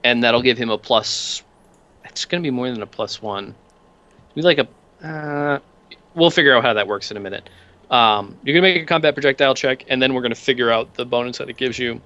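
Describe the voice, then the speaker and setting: A man's voice: mid-range voice, brisk, bright, forceful tone, highs cut off. A man narrating a tabletop game as game master, describing scenes loosely with many fillers.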